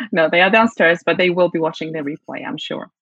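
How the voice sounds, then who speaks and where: A woman's voice: fairly low pitch, brisk, gravelly, fairly bright tone, slightly rough, dry recording, muffled recording. A woman from Poland with a British accent touched by her Polish mother tongue, a guest speaking reflectively with many fillers. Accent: Polish-tinged British English. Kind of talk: interview conversation.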